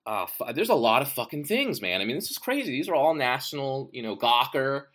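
A man's voice: mid-range voice, big pitch swings, brisk, a bit bright. A man, an author, talking about his writing in a casual monologue, swearing often and rambling enthusiastically. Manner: profane and rambling.

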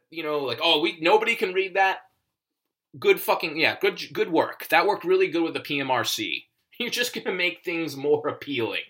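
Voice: medium pitch, sharp tone. A comedian ranting in a casual monologue, profane and emphatic, rambling with many restarts.

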